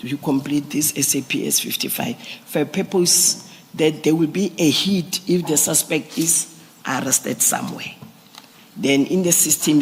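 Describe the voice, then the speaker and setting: A man giving formal testimony to a commission, explaining police procedure step by step with halting restarts. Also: a little high, a little hiss or hum. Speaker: police witness at a commission hearing. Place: large hearing room. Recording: echoey hearing room.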